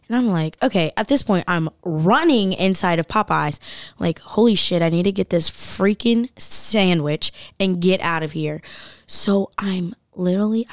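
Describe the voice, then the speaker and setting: Young woman, animated storyteller, slightly low voice, dry close sound. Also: normal speed, no room sound. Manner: animated storytelling, acts out voices, says "like" constantly. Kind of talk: casual chat.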